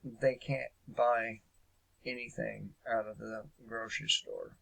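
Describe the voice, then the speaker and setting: A man's voice: on the low side, flat delivery, slow, gravelly, fairly bright tone, poor audio. A man hosting a casual political commentary show, speaking hesitantly with lots of fillers and a sarcastic edge.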